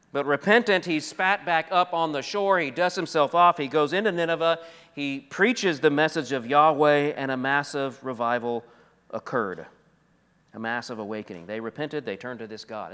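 A man preaching to a congregation, his voice smooth and resonant at an ordinary pitch. He drives points home with rising force, then drops to a hush. Long reverb trails each phrase, as from a large sanctuary. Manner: emphatic, swings from loud to soft. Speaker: pastor. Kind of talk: expository sermon.

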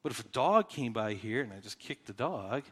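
A man's voice: medium pitch, sing-song, normal speed, fairly bright tone, husky. A man preaching a sermon as pastor, talking conversationally with frequent restarts and rhetorical questions to his congregation. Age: adult with children. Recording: reverberant hall.

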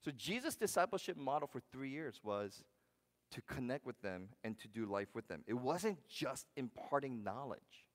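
A man preaches a sermon in a casual, conversational way, throwing questions out to the congregation. His delivery moves from loud, punchy lines down to hushed ones. The voice carries a long reverb from the church hall. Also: medium pitch, very animated, moderate pace. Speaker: pastor.

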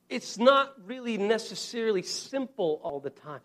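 A male preacher with a notably high voice delivers a sermon. He talks earnestly and directly to his listeners, as if in conversation. He stresses his main points by repeating them slowly. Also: big pitch swings, a bit bright. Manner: earnest, repeats key phrases slowly for emphasis; conversational, addresses the congregation directly.

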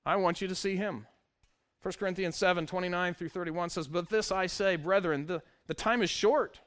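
Man preaching a lively sermon. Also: high-pitched, normal speed. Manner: lively preaching, reads scripture, wry asides. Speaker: pastor.

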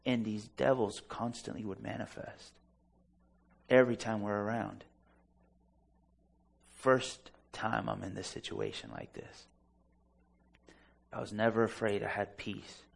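A man's voice: lowish voice, expressive, unhurried, vocal fry, long pauses. A man preaching a sermon, delivering it fervently and emphatically with personal stories. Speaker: pastor.

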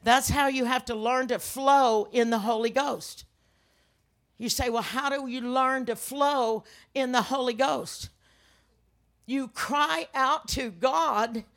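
An older female minister with a high voice preaches a sermon built on personal testimony. She tells her stories dramatically and suddenly bursts out loudly.

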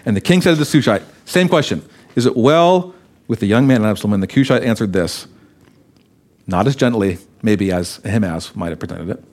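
A man's voice: on the low side, a little fast. Man preaching a sermon. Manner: expressive Bible reading, voicing quoted lines. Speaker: pastor.

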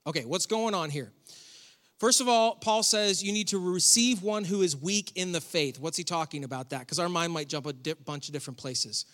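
A man's voice: fairly high pitch, moderate pace, fairly bright tone, big-room sound. A man preaching a sermon as pastor in a church, conversational and joking, with sarcastic asides. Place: church hall.

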